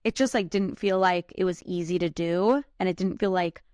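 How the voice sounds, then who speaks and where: A woman in her thirties telling a personal story on her podcast, her voice sitting a little low. She talks loosely, with lots of "like" and the odd swear word. The sound is dry and close, with no room echo. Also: normal speed, a little mellow. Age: 30s. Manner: casual, heavy use of "like", swears freely. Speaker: podcast host.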